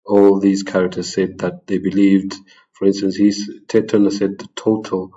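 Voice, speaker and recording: A man presenting an unscripted talk over slides, halting often with ums and restarting his sentences. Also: sits low, level tone, mellow, highs cut off. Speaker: presenter of a religious channel.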